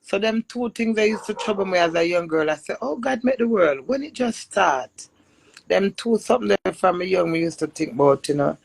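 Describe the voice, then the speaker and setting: A woman's voice: mid-range voice, a little fast, creaky, husky. A middle-aged Jamaican woman chatting casually on a live stream, telling stories and laughing often. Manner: animated storytelling with frequent laughs.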